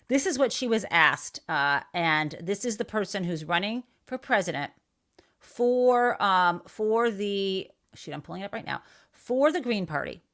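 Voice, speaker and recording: Woman host, lowish voice, blunt and fiery, casual live podcast talk. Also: a bit bright. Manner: outraged, blunt, swears freely. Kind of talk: casual political livestream commentary.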